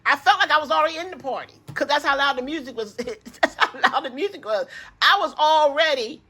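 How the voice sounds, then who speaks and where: Woman, older, grandmother, budgeting vlogger, easygoing chatty rambler, slightly high voice. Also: expressive, fairly quick, sharp tone. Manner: chatty, rambling, addresses viewers as y'all. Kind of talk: casual chat to viewers.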